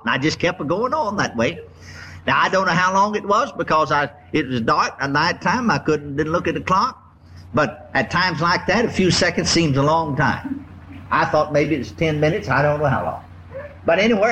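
Older male preacher, homespun storyteller, lively up-and-down delivery. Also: brisk, slight background noise. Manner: folksy storytelling, lively pitch, acts out laughing. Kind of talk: sermon.

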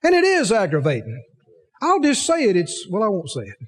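A man's voice: sits high, huge pitch swings, a little fast, long reverb tail. A man preaching a sermon, emphatic, asking the congregation rhetorical questions.

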